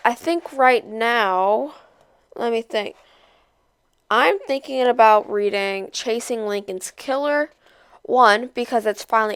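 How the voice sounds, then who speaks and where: A young woman casually introducing, then reading a novel aloud with expressive character voices. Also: on the high side, smooth, no echo. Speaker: read-aloud host.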